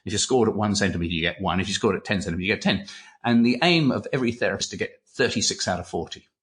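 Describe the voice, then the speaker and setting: An older man, a retired clinical psychologist, chatting as an interview guest and telling animated anecdotes, often repeating words and swearing. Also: fairly low pitch, racing. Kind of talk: casual interview storytelling.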